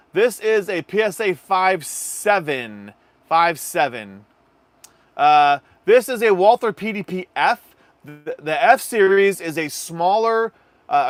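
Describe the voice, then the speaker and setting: With a high voice and no room sound in the recording, a male livestream host chats easily with his audience. He reads their comments aloud in a relaxed, chatty way and addresses them as "y'all."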